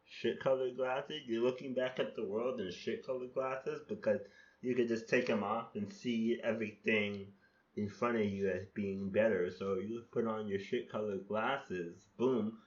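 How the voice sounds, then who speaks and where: Low-voiced man musing on lo-fi audio. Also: steady tone, a little slow. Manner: rambling and self-critical, with frequent restarts and casual swearing. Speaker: podcast host reflecting on his own poems. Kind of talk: casual reflective monologue.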